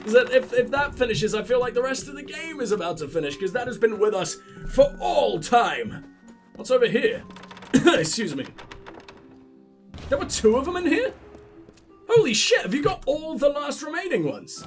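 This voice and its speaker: A man's voice: extremely high pitch, big pitch swings, moderate pace, faint music behind. A sick man with a headset, mocking the game in sweary let's play commentary and laughing at his own jokes. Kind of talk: casual gameplay commentary.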